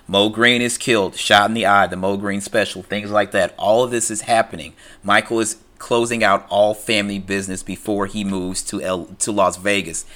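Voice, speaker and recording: A man talks through a film's story in an easygoing, rambling way, stopping to restart his sentences and filling gaps with "like" and "you know." His voice sits on the low side but has a bright, forceful edge. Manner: conversational, loose, with fillers and restarts, acting out quoted lines. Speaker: film recap commentator. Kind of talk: casual retelling of a film plot.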